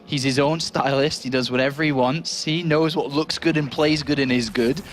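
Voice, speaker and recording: A man with an English accent commentating an esports match, upbeat and joking, talking in rapid bursts. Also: mid-range voice, fairly even intonation. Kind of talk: play-by-play game commentary.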